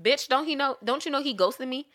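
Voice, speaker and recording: A young woman recounting a breakup story in loose, casual chat. Her voice is bright and forward. She swears freely and breaks into laughter as she goes. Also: high-pitched, a little fast. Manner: animated, profane, laughing storyteller.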